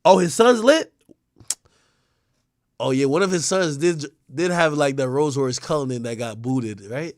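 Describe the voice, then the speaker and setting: Young guy streaming, high lively voice, blunt n sweary, bone-dry sound. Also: normal speed, no room sound. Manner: loud, blunt, swearing, swings between mumbling and shouting. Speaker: livestream host. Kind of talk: casual livestream rant.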